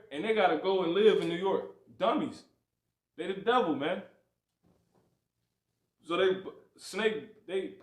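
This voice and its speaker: A scripture teacher with a high-sitting voice leads a livestreamed Bible lesson in a preachy, repetitive manner, with animated swings. He keeps asking "you see?" and "you know what I'm saying", and the sound is reverberant.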